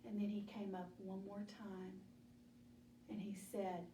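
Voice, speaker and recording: A woman teaching a children's Bible study, telling the story slowly and deliberately and asking the children questions. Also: mid-range voice, level tone, background noise. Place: church room. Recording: echoey room, mic at a distance.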